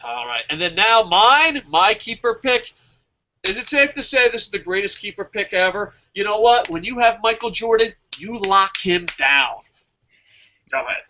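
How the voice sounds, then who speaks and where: A man's voice: high voice, big pitch swings, normal speed, bright, forceful tone, highs cut off. A man hosting a fantasy wrestling draft show, talking in a casual, profane way and laughing at his own jokes.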